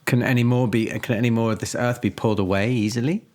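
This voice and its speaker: A man's voice: medium pitch, fairly even intonation, fast talker, darkish tone. A man playing a horror tabletop game, talking through his actions with frequent stammers and repeated words. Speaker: player. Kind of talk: in-character tabletop role-play.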